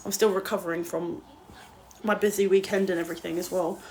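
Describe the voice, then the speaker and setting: A woman's voice: on the low side, fairly even intonation, fairly quick, a little mellow, a little hiss or hum. A young woman chatting casually on a livestream, blunt and swearing freely as she answers viewer comments. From England.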